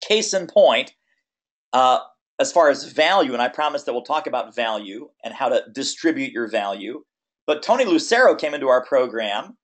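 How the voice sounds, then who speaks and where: A man coaching speakers on a webinar, energetic and emphatic, stacking lists and repeating phrases. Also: mid-range voice, moderate pace. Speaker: business coach. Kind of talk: webinar teaching.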